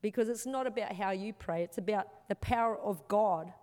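A woman giving an earnest, emotional church testimony and altar call, halting and restarting as she speaks. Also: mid-range voice, darkish tone. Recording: long hall reverb.

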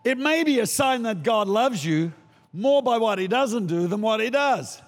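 An older man preaching a sermon as a guest pastor, animated and acting out voices, shouting for emphasis. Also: high-pitched, moderate pace, in a large hall.

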